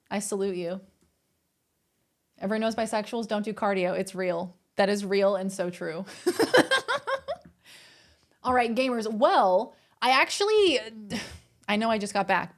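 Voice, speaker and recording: A woman with an Australian accent, streaming and chatting playfully with her audience. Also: medium pitch. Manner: playful, chatty, addresses chat as gamers. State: a little out of breath. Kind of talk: casual live-stream chat.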